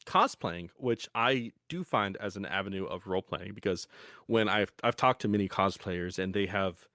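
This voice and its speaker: A man's voice: deep voice, moderate pace, bright, forceful tone, dry recording, studio quality. A young man hosting a podcast, explaining in a casual, rambling way with frequent restarts. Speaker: podcast host.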